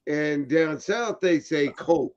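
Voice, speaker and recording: A man's voice: a little high, takes it slowly, lo-fi sound, a loud crowd. A man joining a live stream chat, joking around and giggling.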